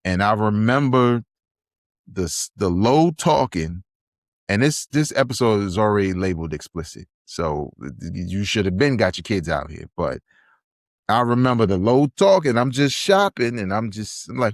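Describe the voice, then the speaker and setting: A man's voice: on the low side, animated, normal speed, no room sound, clean studio sound. A man, hosting a podcast and chatting casually, telling stories animatedly and acting out quotes. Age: 40s. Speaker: podcast host. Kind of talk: casual review chat.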